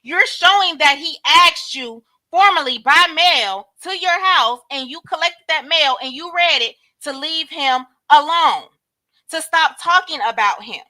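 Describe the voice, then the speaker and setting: A woman's voice: high-pitched, expressive, unhurried, sharp tone. A woman hosting a casual live commentary chat, blunt and slangy, talking straight to her viewers. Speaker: host.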